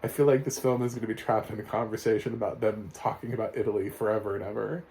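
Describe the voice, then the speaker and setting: Rich: a low-voiced man with a dark, mellow tone rambles through a sarcastic movie review, chuckling as he goes. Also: level tone, fast talker. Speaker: film reviewer. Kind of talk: casual spoken review.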